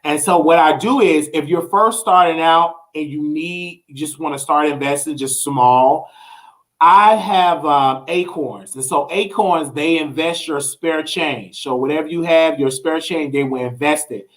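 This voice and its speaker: High-voiced animated man host. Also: a little slow. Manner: animated, preachy exclamations and scatting sounds; relaxed explaining when giving money tips. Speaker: show host. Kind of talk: livestream talk show monologue.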